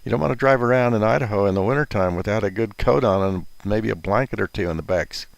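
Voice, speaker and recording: A man's voice: lowish voice, fast, gravelly, no room sound. An older man telling a story and giving casual advice in a rambling, folksy way, chuckling at his own asides.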